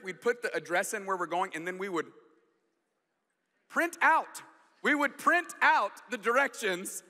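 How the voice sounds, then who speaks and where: A man's voice: high voice, pushed and bright, in a large hall. A man preaching a sermon as pastor, chatty and storytelling, often repeating words.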